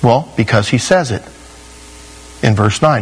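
Heard through a rough recording, a male pastor speaks in a husky, mid-range voice, a little slow. Preaching an expository sermon, he's emphatic but conversational and frequently says "you know."

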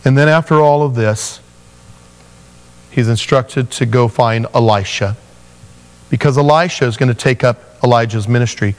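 A man preaching a sermon, telling Bible stories with animated voices for the characters. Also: medium pitch, normal speed, pauses often, long reverb tail. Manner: animated storytelling, acting out biblical figures in voices. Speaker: pastor.

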